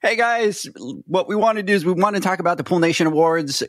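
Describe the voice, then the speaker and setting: A man's voice: sits high, very fast, no echo. Upbeat man hosting a podcast, dry sound. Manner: upbeat, teasing, gives shout-outs. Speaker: podcast host. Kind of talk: casual chat and announcements.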